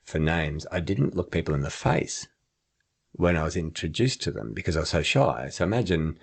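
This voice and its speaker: A man's voice: a bass voice, big pitch swings, moderate pace, vocal fry, husky. A man chatting on a podcast, explaining his ideas through acted-out examples and laughing often. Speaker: podcast co-host and memory trainer. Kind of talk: casual podcast chat.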